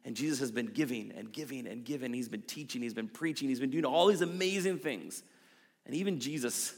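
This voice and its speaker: A man's voice: mid-range voice, fairly quick, creaky, in a large hall. A man preaching a sermon as pastor, earnest and conversational, stressing quoted scripture.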